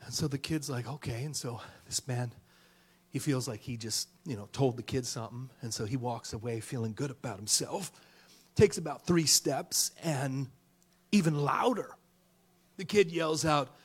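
A man preaching a sermon who tells a story with jokes and swings between loud shouts and hushed whispers. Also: mid-range voice, moderate pace, husky. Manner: tells jokes and acts out characters in stories.

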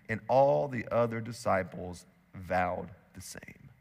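A male pastor preaching a sermon, swinging between loud emphatic bursts and hushed, intimate stretches. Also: lowish voice, sing-song, drawn-out words, gravelly, pauses often, in a large hall. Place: church hall.

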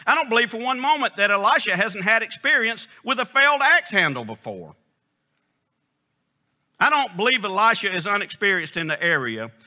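A pastor preaches with emphatic, folksy storytelling and repeated phrases. His voice sits high and ranges widely. His tone is bright and forceful. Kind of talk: sermon.

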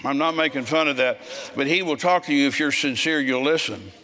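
A man in his seventies preaching a sermon, telling stories bluntly and growing forceful when he scolds. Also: mid-range voice, brisk. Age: 70s. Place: church service with congregation.

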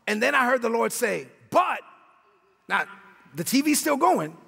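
A male pastor with a Brooklyn accent, preaching an energetic sermon full of slang, repetitions and shouted lines. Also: very high-pitched, moderate pace, creaky, breathy edge, big-room sound. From Brooklyn, New York.

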